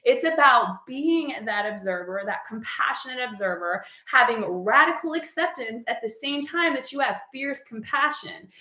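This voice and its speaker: Earnest woman, bright voice, echoey room. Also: a little high, expressive, moderate pace, few pauses. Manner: earnest, heartfelt, casual with frequent "like". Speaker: spiritual coach. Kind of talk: spiritual message vlog.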